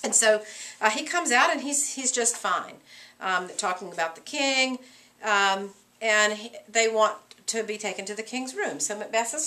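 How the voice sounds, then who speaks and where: A middle-aged woman teacher lecturing a class on a play, animated and acting out characters' lines. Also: medium pitch. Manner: animated, acts out characters' lines in quick voices.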